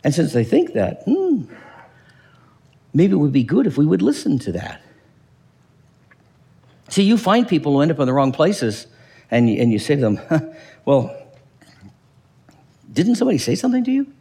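A man preaches in a church, his voice high and gravelly with wide, lively swings in pitch. He keeps asking his listeners questions and acts out the voices of the people he quotes. A long hall reverb trails behind him. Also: normal speed, long pauses. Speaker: pastor. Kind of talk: sermon.

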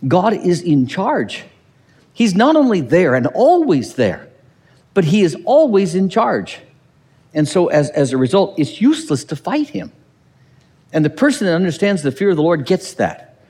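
A man preaching a sermon as pastor, animated and acting out quotes with dry humor. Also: high-pitched, normal speed, in a large hall.

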